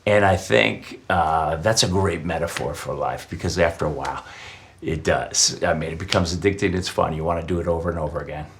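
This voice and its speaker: A man's voice: rumbling low, fairly quick, creaky, slight background noise. A middle-aged man answering interview questions in a reflective way, sharing personal anecdotes. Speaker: interview guest.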